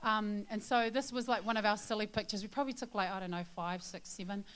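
Woman, church testimony, chatty, fillers, earnest, confiding, mid-pitched voice. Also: steady tone, quick pace, fairly bright tone, smooth. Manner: chatty, laughing storyteller with many fillers. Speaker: church volunteer sharing a testimony. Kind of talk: testimony to a congregation.

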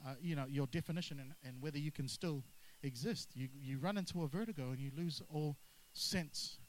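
A man preaching a sermon, energetic and drawing responses from the congregation. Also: fairly high pitch, a little fast, rough recording. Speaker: pastor.

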